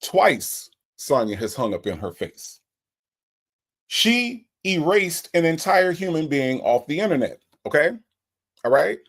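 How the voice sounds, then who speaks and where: A man's voice: a little high, unhurried. A man hosting a casual livestream, greeting viewers by name and reading their comments in a playful, teasing way. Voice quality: lively, playful, teasing delivery. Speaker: livestream host.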